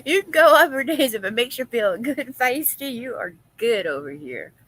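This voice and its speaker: A woman's voice: on the high side, lively intonation, unhurried, a bit bright, husky, poor audio. A woman hosting a casual live-stream chat, gossiping, laughing often and reading viewers' comments aloud.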